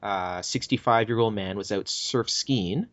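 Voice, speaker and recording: A man's voice: on the low side, unhurried, no room sound, dull audio. A man co-hosting a podcast, casually telling a news story and laughing along with his co-host. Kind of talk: casual chat.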